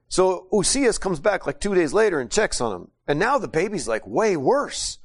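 Animated preacher, man, slightly high voice. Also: normal speed. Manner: animated, acts out quotes, many restarts and fillers. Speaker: preacher, missionary. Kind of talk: sermon with storytelling.

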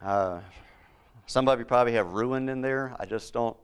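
A man's voice: mid-range voice, normal speed, clear, resonant tone. A man preaching a Bible-teaching sermon, repeating key words for emphasis and putting questions to his listeners.

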